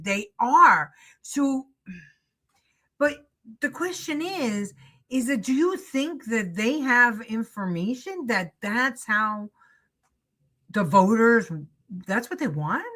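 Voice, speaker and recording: A woman's voice: on the high side, expressive, slow pace, sharp tone. A woman hosting a political talk show, chatting casually and reading viewer comments, with lots of fillers and restarts. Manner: chatty, laughs often, many fillers and restarts.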